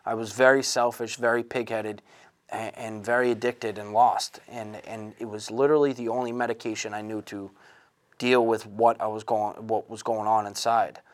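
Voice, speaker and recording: Earnest man in his thirties, halting. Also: lowish voice, level tone. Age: 30s. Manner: earnest, halting, with many restarts and fillers. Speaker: person in recovery telling his story. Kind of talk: candid personal testimony.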